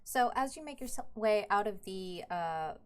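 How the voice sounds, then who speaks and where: A woman's voice: medium pitch, normal speed, smooth. Woman dungeon master, easygoing scene narration, medium voice. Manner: relaxed, descriptive, with fillers. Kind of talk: narrating a tabletop game.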